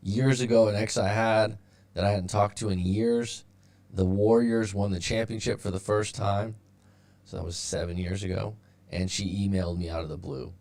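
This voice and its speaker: Gravelly-voiced man coaching on a live stream. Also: on the low side, fairly even intonation, normal speed, darkish tone. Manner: rambling, with many fillers and restarts. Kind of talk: casual live-stream advice talk. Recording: sounds robotic at times.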